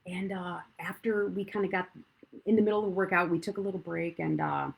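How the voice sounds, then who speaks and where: A middle-aged woman pastor preaching live from a church stage, telling a candid personal story and swinging from hushed asides to loud emphasis. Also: lowish voice, quick pace, creaky, husky, low-quality recording.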